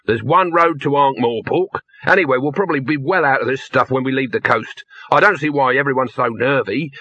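A brisk, pushy film boss who waves away every worry, as a man puts him on for a storybook. The voice runs raised and bright with a slight huskiness, and the sound is dull and lo-fi. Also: medium pitch, breathy edge, dry recording. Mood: dismissive. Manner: brisk, impatient, dismissive.

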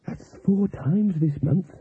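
A man's voice: high voice, slow pace, breathy edge, dry recording, pitched above the performer's own voice, exaggerated voice. A man voicing a stout, jolly woman cook who talks in an eager, chatty, gossipy way. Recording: tinny, phone-like, dry audio.

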